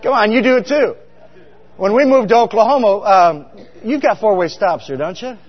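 In a high-pitched, animated voice at normal speed, a middle-aged pastor gives a funny, story-rich sermon while a faint crowd can be heard. He's conversational, often questioning the congregation. The recording is dull with long hall reverb.

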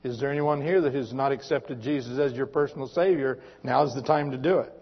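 A man's voice: medium pitch, fairly quick. Earnest preacher man in a reverberant church. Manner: earnest, dramatic poem reading. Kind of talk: sermon. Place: church sanctuary. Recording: muffled recording with long reverb.

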